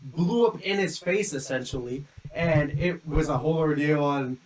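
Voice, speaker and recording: A man's voice: on the high side, moderate pace, low-quality recording. A young man casually telling a long story on a podcast, rambling with many "like" fillers and acting out quotes. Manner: rambling, lots of "like" fillers, lively re-enacted quotes. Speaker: podcast co-host.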